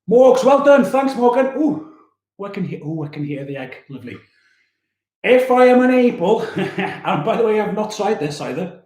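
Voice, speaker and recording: A man's voice: high-pitched, darkish tone, roomy sound. A man, a youth worker chatting casually and cheerfully on a livestream, laughing often. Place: room at home.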